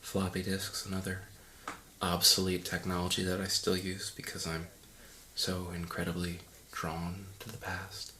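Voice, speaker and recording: A man's voice: low-pitched, completely flat delivery, a little slow, pushed and bright, a little hiss or hum. A man giving a mock audio commentary in a pompous, condescending, rambling way. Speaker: commentary host.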